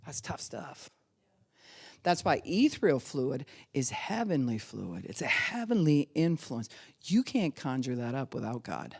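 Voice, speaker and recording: Lively, low-voiced woman pastor preaching. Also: a little slow, gravelly, breathy edge. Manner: animated, laughs often, acts out quoted voices. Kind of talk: sermon.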